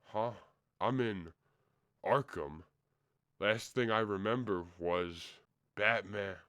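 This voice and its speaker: A man's voice: on the low side, takes it slowly, fairly bright tone, smooth, no room sound, clean studio sound. A man voicing a hulking, menacing crocodile criminal in a comic reading.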